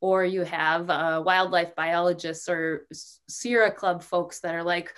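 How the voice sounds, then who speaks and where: Relaxed woman presenting an online workshop. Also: on the low side, a little slow, few pauses, clean tone. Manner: relaxed, many fillers.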